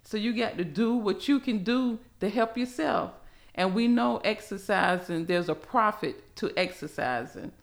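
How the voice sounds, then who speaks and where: A middle-aged woman, a pastor who speaks earnestly and deliberately while teaching scripture on a podcast. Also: medium pitch, animated, vocal fry.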